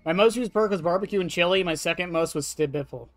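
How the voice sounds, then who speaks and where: A man's voice: high-pitched, quick pace, hardly any pauses. A young man streaming a game, rambling casually to his chat with lots of fillers and laughs. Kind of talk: casual gameplay commentary to chat.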